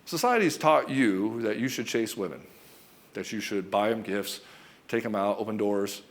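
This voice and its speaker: A man's voice: fairly low pitch, animated, moderate pace. A man giving a relationship coaching monologue straight to the camera, blunt and emphatic, swearing often and calling the listener brother and dude.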